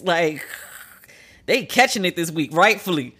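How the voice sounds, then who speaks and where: A woman hosting a podcast, giving candid, profane commentary with sharp swings of pitch for emphasis. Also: expressive, moderate pace, long pauses, husky. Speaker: podcast host. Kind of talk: casual commentary monologue.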